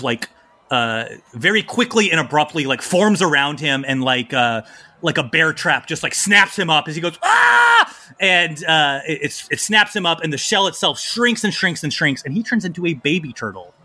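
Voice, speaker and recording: A man's voice: fairly high pitch, lively intonation, bright, forceful tone. Playful man running a tabletop game. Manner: playful, quick asides. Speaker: game master.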